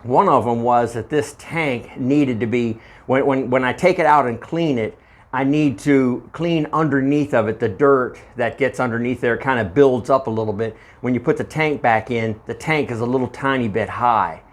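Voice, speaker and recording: A man walking through his homestead project in a casual how-to video, rambling and correcting himself as he goes, holding a handheld microphone. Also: mid-range voice. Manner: rambling, halting, with frequent uhs and self-corrections. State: out of breath. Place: outdoor homestead fodder house.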